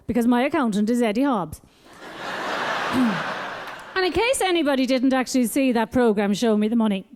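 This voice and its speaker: Animated high-voiced Irish woman comic. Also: fairly quick, pauses often, slight background noise. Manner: animated, sing-song baby-talk delivery. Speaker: stand-up comedian. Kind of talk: stand-up comedy routine. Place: comedy club stage.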